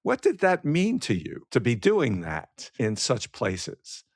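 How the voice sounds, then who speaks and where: A man's voice: mid-range voice, wildly swooping pitch, dry recording. Male interviewer, mid voice, dry studio sound, curious. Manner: measured questions, brief surprised reactions. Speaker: podcast host, interviewer. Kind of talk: interview questions.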